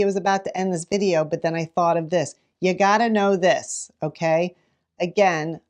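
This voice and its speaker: A middle-aged woman teacher giving read-aloud tips, animated and dramatic, with sudden gasps. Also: on the low side. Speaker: teacher and children's librarian.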